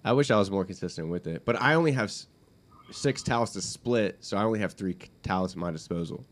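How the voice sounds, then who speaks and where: A man's voice: low-pitched, quick pace. A young man co-hosting a podcast, chatting casually and asking playful, offbeat questions. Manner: playful, asks quirky questions. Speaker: podcast co-host. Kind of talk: casual chat.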